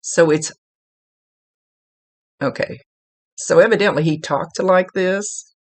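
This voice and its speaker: A woman's voice: lowish voice, slow pace, dry recording. A woman working as a psychic medium, giving a spirit reading to a client in a rambling way, searching for words and restarting her sentences.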